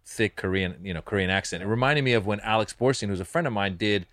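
A quick-talking man in a relaxed conversation between comedians, rattling through stories and acting out his jokes. His voice is dry and close, with no room sound around it. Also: lowish voice, dry recording. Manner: fast, animated storytelling, acting out bits. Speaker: comedian co-host. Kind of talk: casual chat between comedians.

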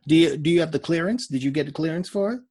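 Man, relaxed podcast co-host, husky tone, easygoing. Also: a little high, fast talker. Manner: laid-back, hesitant, teasing. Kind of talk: casual chat.

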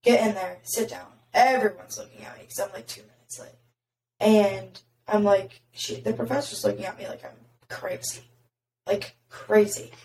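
A young woman with a raspy voice, chatting casually as a podcast host and filling her talk with "like". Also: medium pitch, normal speed, darkish tone, slight background noise. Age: young adult. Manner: chatty, heavy filler "like". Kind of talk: casual chat. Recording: roomy, distant mic.

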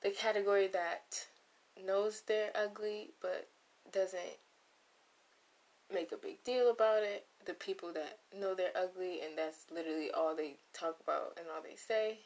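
A woman's voice: medium pitch, steady tone, measured pace, a little mellow. A young woman vlogger in a casual, comedic monologue, rambling and losing her train of thought with playful asides, close to the mic. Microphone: close microphone.

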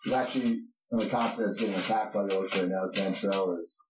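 A man's voice: deep voice, fairly even intonation, fast. A man narrating as game master of a tabletop game, rambling with many fillers. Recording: roomy distant mic with noise.

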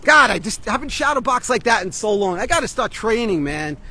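A man's voice: sits high, very animated, fairly quick, bright, forceful tone. A man vlogging outdoors on a city street, ranting in an agitated, rambling way with frequent swearing and restarts. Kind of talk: street vlog rant.

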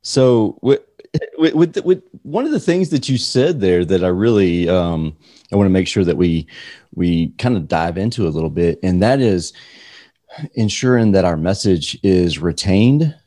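Male co-host, very low voice, dry close sound, halting questions. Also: expressive, warm tone, no room sound. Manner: halting, lots of restarts. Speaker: podcast co-host. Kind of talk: podcast conversation.

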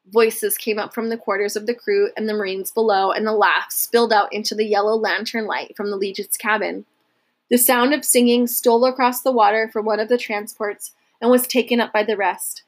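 A woman reading a historical novel aloud at a steady, measured pace. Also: mid-range voice. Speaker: narrator.

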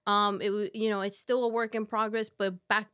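A woman in her thirties, a podcast guest, telling a personal story in a halting, soft way with many fillers. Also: medium pitch, level tone, clean tone. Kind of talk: casual conversation.

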